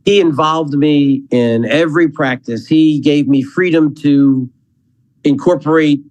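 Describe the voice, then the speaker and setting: A man who works as an athletic director, a guest on a casual podcast, talking in halting runs and repeating words as he thinks. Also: fairly high pitch, fairly even intonation, darkish tone, dull audio.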